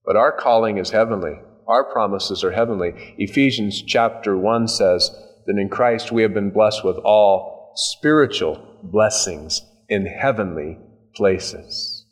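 A male pastor preaching a sermon in a conversational way, with folksy asides and touches of humor. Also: lowish voice.

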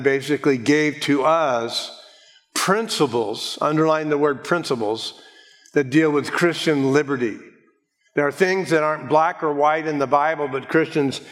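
Pastor teaching verse by verse. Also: male voice, mid-range voice, in a large hall. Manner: measured, explanatory, slows to stress key words. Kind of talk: expository Bible teaching sermon.

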